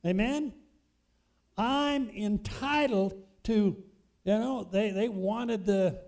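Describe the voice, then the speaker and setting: Male preacher, high-pitched, emphatic sermon delivery with call-and-response questions. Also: a little slow, a little mellow.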